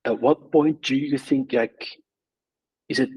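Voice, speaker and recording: A man's voice: mid-range voice, fairly even intonation, unhurried, darkish tone, husky. A man hosting a podcast interview, setting up a question for his guest. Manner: asks questions and gives short backchannel replies. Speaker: podcast host. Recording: off-mic, distant sound.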